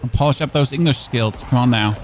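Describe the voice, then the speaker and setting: Over slight background noise, a medium-pitched man speaks a little fast in a German accent. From Germany, he gives chatty, jokey gameplay commentary while streaming, wandering off track, repeating himself and restarting sentences to self-correct.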